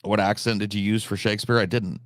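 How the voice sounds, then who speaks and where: Deep-voiced man chatting on a stream. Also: flat delivery, quick pace, a bit bright, dry recording, clean studio sound. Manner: casual, swears freely, many restarts. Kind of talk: casual live-stream chat.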